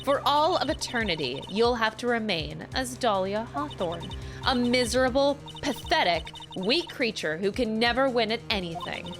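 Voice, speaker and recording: A woman voicing a calm, commanding woman lawyer spirit who speaks in a cold, measured way. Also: a little high, natural voice. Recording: game music behind.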